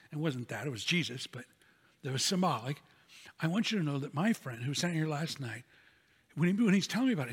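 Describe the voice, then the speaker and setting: A man's voice: fairly high pitch, fairly bright tone, husky. A man preaching a sermon as pastor, earnest and telling stories, repeating key phrases for emphasis. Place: church sanctuary. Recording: long hall reverb.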